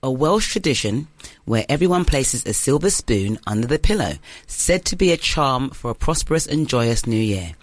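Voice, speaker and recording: A woman's voice: rumbling low, sing-song, normal speed, dry recording. A woman hosting a casual quiz among friends, chatty and giggly, often laughing at her own slips. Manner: giggly, chatty, self-deprecating. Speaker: quiz host. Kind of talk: casual game-show chat.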